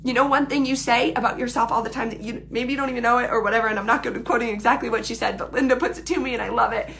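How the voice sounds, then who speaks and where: Woman in her thirties, casual live-video talk, high gravelly voice, earnest and emphatic. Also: steady tone, rapid-fire, fairly bright tone, slight background noise.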